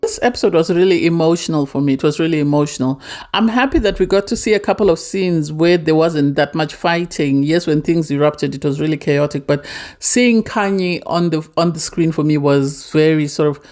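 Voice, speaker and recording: A woman's voice: low voice, a little fast, a little mellow. A woman reviewing a reality TV episode in a casual, emotional way, often repeating herself as she talks. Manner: emotional, earnest, repeats words.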